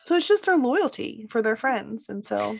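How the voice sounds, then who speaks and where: A woman's voice: a little high, big pitch swings, normal speed, gravelly. A woman with children co-hosting a podcast, chatting casually about TV characters and agreeing often. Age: adult with children. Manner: agreeable, backchannels a lot. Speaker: podcast co-host.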